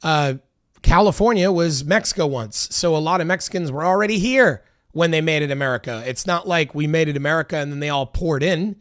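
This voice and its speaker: A heated, exasperated man reacts to video clips, arguing and swearing at his viewers. His voice sits a bit higher than most men's, and the sound is dry and close, with no room around it. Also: brisk, a bit bright, no echo. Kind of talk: casual political commentary. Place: Los Angeles.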